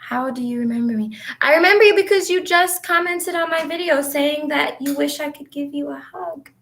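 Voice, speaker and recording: A woman's voice: sits high, moderate pace, fairly bright tone, slight background noise. A woman vlogging in a casual, rambling way while she tidies her office, chatting and answering comments from her viewers. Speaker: vlogger and spiritual coach.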